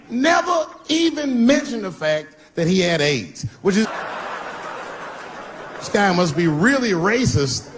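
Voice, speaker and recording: A middle-aged man doing a live stand-up routine, punchy and profane, swinging between loud bursts and low asides. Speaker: stand-up comedian. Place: comedy stage before a live crowd. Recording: noisy live stage recording with audience.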